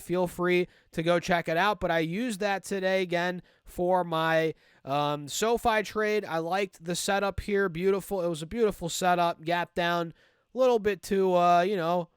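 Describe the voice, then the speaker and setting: A man talking casually to his viewers about stock trades, energetic and calling them guys. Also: sits high, smooth, no room sound, clean studio sound. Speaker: stock market YouTuber. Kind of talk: casual chat to camera.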